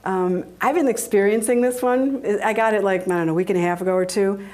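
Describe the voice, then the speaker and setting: A middle-aged woman giving a talk, telling personal stories in a lively way and laughing often. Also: fast. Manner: animated, acts out quoted voices with big pitch jumps.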